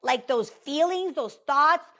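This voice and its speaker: A woman with a slightly high voice talks to her listeners in a casual, motivational way. She keeps the story going with lots of "like" and "okay?", chatty and animated throughout. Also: slow. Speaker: podcast host.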